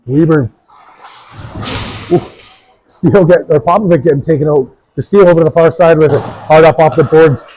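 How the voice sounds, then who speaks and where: A man doing play-by-play for a youth hockey game, brisk and joking, reading sponsor spots between plays. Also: fairly high pitch, warm tone, poor audio. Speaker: play-by-play commentator.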